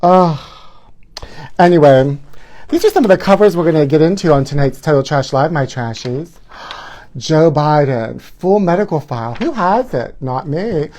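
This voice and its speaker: A man's voice: fairly high pitch, lively intonation, moderate pace, darkish tone. A man hosting a live gossip show by himself, campy and sassy, talking into his phone camera. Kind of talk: solo livestream chat. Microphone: phone camera filming himself.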